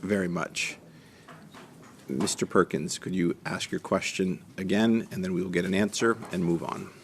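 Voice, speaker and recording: A man's voice: low-pitched, steady tone, normal speed, slight background noise. A man chairing a committee hearing, polite but firm as he keeps order from a desk microphone.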